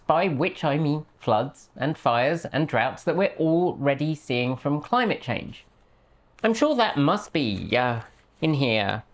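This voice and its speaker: A woman hosting a commentary video, talking in a sarcastic, dryly mocking way. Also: low voice. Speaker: host.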